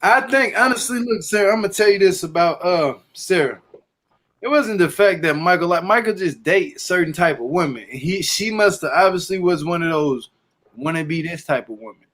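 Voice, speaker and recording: A man hosts a laid-back show chat, and his voice sits high for a man. He talks with emphasis and animation, pressing his points home. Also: normal speed. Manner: animated, emphatic, leans on "to be honest". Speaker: podcast host. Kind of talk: casual chat recapping a reality show.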